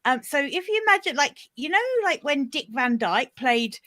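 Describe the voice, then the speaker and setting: Animated woman, lively pitch. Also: normal speed. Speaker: podcast guest. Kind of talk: casual chat.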